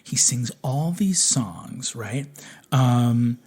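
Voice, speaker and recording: A man with a middle-pitched voice spins a funny personal anecdote. He is animated and swears freely, and he slips into the voices of the people he describes as he goes. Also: extremely slow, breathy edge. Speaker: storyteller. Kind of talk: comic anecdote.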